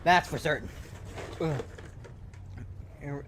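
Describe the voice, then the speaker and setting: A man's voice: fairly high pitch, unhurried, pauses often, fairly bright tone, slight background noise. A man streaming a game in casual, rambling commentary, swearing often and stuttering. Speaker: gaming streamer.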